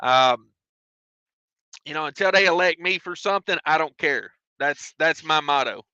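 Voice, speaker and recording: Bright joking trucker with drawl. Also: male voice, fairly high pitch, normal speed, clear, resonant tone, no echo, muffled recording. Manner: drawling, joking, self-mocking. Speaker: trucker hosting a live stream. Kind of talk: casual live-stream chat reading viewer comments. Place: parked truck cab.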